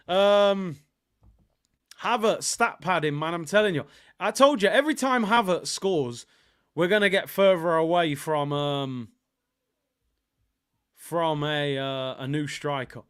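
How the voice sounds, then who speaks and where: A man's voice: a little high, animated, a little slow, pauses often, fairly bright tone, clean tone. A young man hosting a football watchalong livestream, chatting casually in slang-filled banter. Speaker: livestream host.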